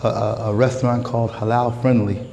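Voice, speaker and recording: An American man giving a lively, slangy sermon in a mosque, jumping from calm talk to shouts. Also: medium pitch, a little fast, creaky, in a large hall, noisy background. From United States. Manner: animated, slangy street talk, rises to shouts. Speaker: guest preacher. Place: mosque prayer hall.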